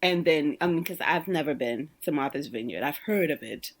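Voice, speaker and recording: A woman from Brooklyn hosting a podcast, telling stories in a lively, casual way and often laughing. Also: deep voice, moderate pace. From Brooklyn, New York. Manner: animated, laughs often, acts out quoted people. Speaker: podcast host, social worker. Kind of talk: casual conversational storytelling.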